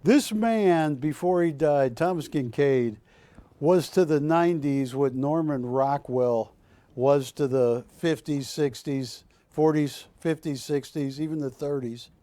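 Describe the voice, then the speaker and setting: Older guy selling art on live tv, rambling jokes to the crew, slowish, kinda high voice. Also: warm tone, no room sound. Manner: chatty, jokey, rambling asides to crew. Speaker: shopping channel host. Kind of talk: live TV sales pitch. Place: TV studio.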